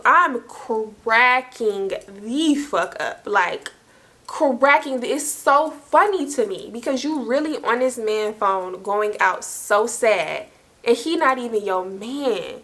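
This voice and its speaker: A young woman vlogger telling a story in casual, slangy speech, lively and quick to laugh. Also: on the high side. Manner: animated, slangy, laughing as she tells it.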